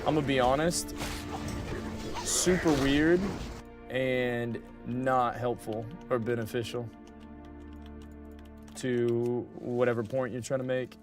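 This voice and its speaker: A young man chatting loosely on a livestream while he plays, replying to his viewers and repeating phrases for emphasis. His voice sits at an ordinary middle pitch. Faint music runs under his talk. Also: fairly even intonation, takes it slowly, pauses often. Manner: chatty, talks back to chat, repeats himself. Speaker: livestreamer playing a game. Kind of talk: casual livestream chat.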